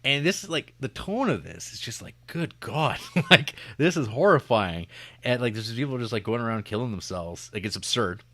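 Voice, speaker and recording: A man's voice: mid-range voice, expressive, brisk, bright, forceful tone, no room sound. A man co-hosting a podcast, reviewing a film in a rambling, jokey, casual way into a podcast mic. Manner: rambling, jokey, lots of fillers and restarts. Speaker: podcast co-host.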